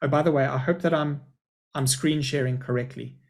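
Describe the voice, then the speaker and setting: A man's voice: medium pitch, fairly even intonation, fairly quick, vocal fry. A middle-aged man, a school principal, giving a chatty, upbeat live webinar presentation over a video call.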